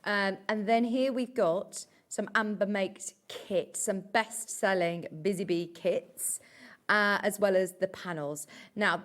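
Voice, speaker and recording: A woman presenting live on a shopping channel, chatty and gushing as she talks through products. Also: medium pitch. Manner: gushing, chatty, upbeat sales patter. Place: TV studio.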